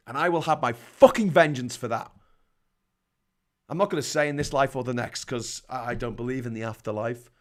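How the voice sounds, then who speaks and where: A middle-aged British man with a high-sitting voice rants about politics and swears heavily. He keeps breaking into sarcastic mocking voices as he hosts his show. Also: big pitch swings, normal speed. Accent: British English. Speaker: host of a livestream rant show. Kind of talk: angry political rant.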